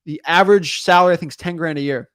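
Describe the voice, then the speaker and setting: A man hosting a podcast in casual chat, energetic and emphatic, rambling with frequent restarts. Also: a little high, fast, clean tone, no echo, studio quality. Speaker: podcast host.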